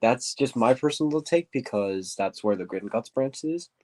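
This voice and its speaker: A man with a deep, stuffy voice, answering viewer questions in a casual livestream, rambling and hunting for words. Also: expressive, moderate pace, darkish tone. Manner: rambling, searches for words, says quote-unquote often. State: stuffy nose. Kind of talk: casual livestream chat while building.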